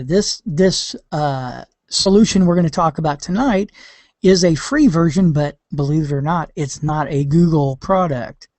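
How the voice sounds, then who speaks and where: A man's voice: a little high, darkish tone, no echo. A man presenting a webinar lesson, explaining things in a loose, conversational way with many hesitations.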